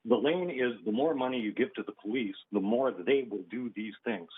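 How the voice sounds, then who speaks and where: A man's voice: mid-range voice, fairly quick, slightly rough. Blunt, emotional man on a phone line. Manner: blunt and emotional, with repeated rhetorical questions. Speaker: public speaker calling in to a council meeting. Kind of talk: impassioned public comment.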